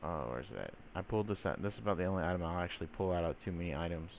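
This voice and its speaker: A low-voiced man races through his gameplay commentary very fast over slight background noise. He rambles chattily, heavy on fillers, sometimes slipping into teasing baby-talk toward the creatures.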